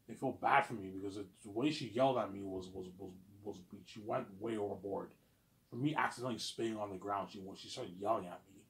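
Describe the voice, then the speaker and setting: A man in his thirties with a somewhat low voice tells a story in a loose, casual monologue. He circles back on himself, repeats lines, and swears freely. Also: fast talker, fairly bright tone. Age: 30s. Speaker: vlogger.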